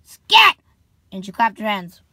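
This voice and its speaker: A young woman reading a children's book aloud slowly, stumbling over names and dropping sarcastic asides. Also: a little high, steady tone, heavy background noise. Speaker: storybook reader.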